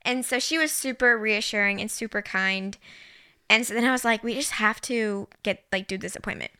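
Bright, clear young woman telling stories. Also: medium pitch, moderate pace. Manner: animated storyteller acting out quoted voices. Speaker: podcast co-host. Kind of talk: casual chat.

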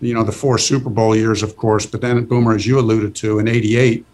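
A man's voice: on the low side, little pitch movement, darkish tone. A middle-aged man, a football coach guest, speaking earnestly with many restarts in a casual interview. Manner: earnest, halting, full of restarts.

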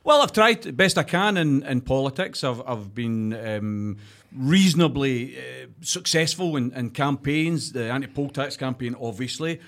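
A man's voice: medium pitch, lively intonation, a little slow, fairly bright tone. A middle-aged Scottish man, a politician, speaking confidently and reflectively as a podcast guest. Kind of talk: interview chat.

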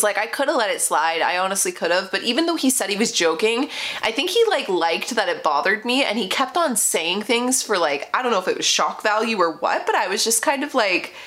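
A woman's voice: mid-range voice, fairly bright tone. A young woman hosting a podcast, telling a personal story in a candid, chatty way with many "like" fillers. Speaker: podcast host.

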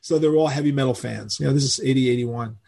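An older man from New York, a rock musician telling stories in a casual interview, animated and acting out the voices of people he quotes. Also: medium pitch, fast talker, creaky. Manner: animated storyteller who acts out quoted voices.

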